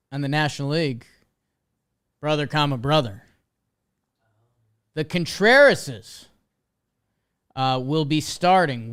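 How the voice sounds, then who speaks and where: A man co-hosting a casual baseball chat show, relaxed and easygoing, dropping in sponsor plugs. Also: fairly high pitch, clear, resonant tone. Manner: laid-back, reads sponsor plugs casually. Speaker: podcast co-host.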